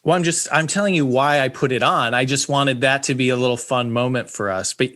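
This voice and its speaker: A man co-hosting a casual podcast chat, joking at his own expense and talking in halting restarts. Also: medium pitch, fairly bright tone. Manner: self-deprecating, halting with restarts. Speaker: podcast co-host.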